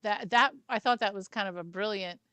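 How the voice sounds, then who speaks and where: A woman's voice: mid-range voice, fairly quick, pushed and bright, clean tone, no room sound. Female podcast co-host, short interjections, dry recording. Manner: chips in with short comments and agreement. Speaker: film review podcast co-host. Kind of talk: casual film discussion.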